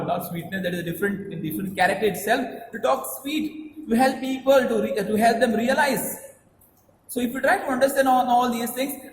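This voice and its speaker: High-voiced priest preaching in an echoey hall. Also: male voice, a little hiss or hum. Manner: repetitive, emphatic preaching with Marathi phrases mixed in. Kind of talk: sermon. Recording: echoey hall with long reverb.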